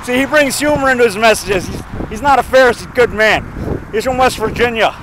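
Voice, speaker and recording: A man talking in a rambling, folksy, excitable way, mixing songs with preaching, outdoors by a road. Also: very high-pitched, fairly quick, a little hiss or hum. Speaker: vlogger.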